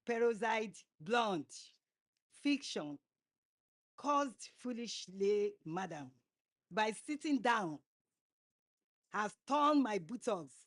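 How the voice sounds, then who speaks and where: A woman reciting a poem on a conference stage, halting now and then to restart a word. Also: a little high. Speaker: poetry reader.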